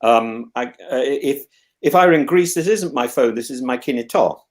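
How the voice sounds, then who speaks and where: A man's voice: mid-range voice, normal speed. An English man hosting a casual chat, rambling and musing, with frequent restarts and stammered repeats. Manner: musing and discursive. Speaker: host.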